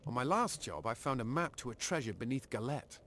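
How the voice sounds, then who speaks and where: A man's voice: medium pitch, animated, fairly quick, a crowd in the background, natural voice. An actor playing a gold-seeking male mercenary warrior in a video game, with a posh British accent and a polished, matter-of-fact delivery.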